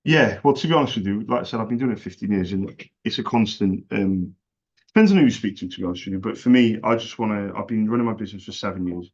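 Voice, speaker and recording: A man's voice: fairly low pitch, quick pace, a little mellow, husky, highs cut off. A man making a friendly cold sales call, chatty and jokey, making fun of himself. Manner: chatty, jokey and self-deprecating.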